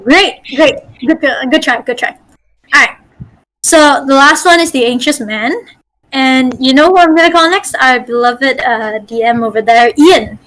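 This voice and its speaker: A woman's voice: high voice, moderate pace, fairly bright tone, poor audio. A woman from Malaysia, a game master teaching voice acting over a group call, chatty and encouraging. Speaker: game master leading a workshop.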